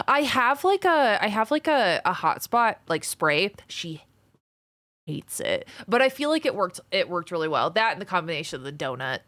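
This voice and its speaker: A young woman streamer chatting casually with her viewers, thanking supporters and answering chat with animated exclamations. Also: mid-range voice, no room sound.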